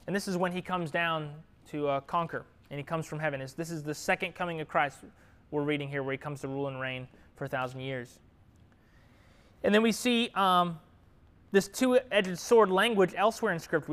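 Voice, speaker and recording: A man preaching a sermon, lively and conversational, often asking the congregation questions and laughing easily. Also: fairly high pitch, a little fast.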